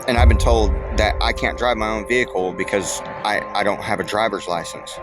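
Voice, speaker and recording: A man's voice: on the low side, steady tone, brisk, few pauses. A middle-aged man telling a story in a rambling, blunt, profane way, with lots of filler words. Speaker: vlogger. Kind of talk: casual storytelling vlog. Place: waiting at a work site. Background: background music.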